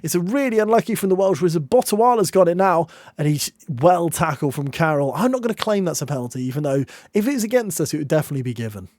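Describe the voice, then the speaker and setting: A young man commentating on his own football management game, excitable, with groans and shouts at near misses and goals. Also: fairly high pitch, quick pace, few pauses, no room sound, clean studio sound. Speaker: gaming YouTuber.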